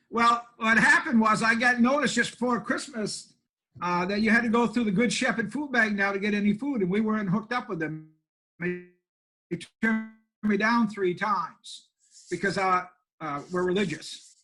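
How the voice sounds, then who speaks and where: A man's voice: high-pitched, pushed and bright, poor audio. An older man, a country pastor telling stories in a plainspoken, self-deprecating way during an interview. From Maine, USA. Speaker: pastor and homeless shelter director. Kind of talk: folksy storytelling in an interview.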